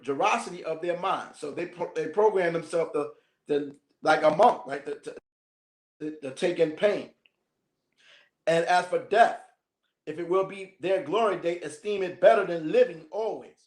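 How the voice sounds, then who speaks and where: High-voiced joking man in an echoey room. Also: moderate pace. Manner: slangy, joking asides, laughs often. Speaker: minister teaching a class. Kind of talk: reading a text aloud and commenting casually.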